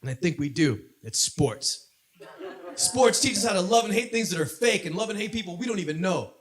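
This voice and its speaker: A man from Southern California doing a stand-up comedy set on a club stage, punchy delivery that builds to shouted punchlines. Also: high voice, lively intonation, a little fast.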